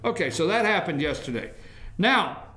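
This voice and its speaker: A man hosting a talk show, delivering animated political commentary full of sarcasm. His voice sits high and swings widely in pitch. The sound carries a noticeable room echo. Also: moderate pace.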